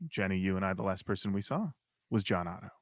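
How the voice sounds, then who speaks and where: A man co-hosting a podcast, telling a story in a lively, animated way. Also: low voice, quick pace, no room sound, clean studio sound. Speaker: podcast co-host. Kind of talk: casual chat.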